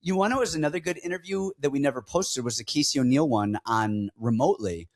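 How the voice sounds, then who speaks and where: A man's voice: medium pitch, fast talker. A man co-hosting a casual podcast, breaking down fights and joking around in a rambling way. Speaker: podcast co-host.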